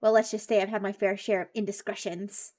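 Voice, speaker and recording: A man's voice: high-pitched, level tone, fairly quick, a little mellow, close to an everyday voice. Snooty robot fish doc guy, a synthetic voice playing him, looks down on everyone, sneers at everything. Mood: haughty. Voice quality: clipped, haughty, condescending. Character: snobbish male robot fish doctor, insulting and pompous.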